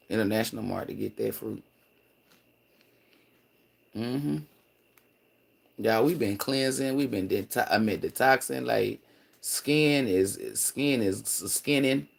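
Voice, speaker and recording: Gravelly man rambling on a livestream. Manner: rambling and animated, swinging between loud excitement and low mutters; profane, slangy, laughs often. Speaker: livestream host. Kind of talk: casual livestream chat.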